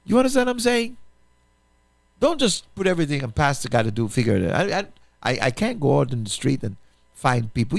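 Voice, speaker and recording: Pastor host, man, lively pitch, emphatic and repetitive, dry studio sound. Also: brisk, gravelly, no room sound. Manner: emphatic, repetitive, rhetorical questions, restarts. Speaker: pastor and radio show host. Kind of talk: impassioned appeal on a talk show.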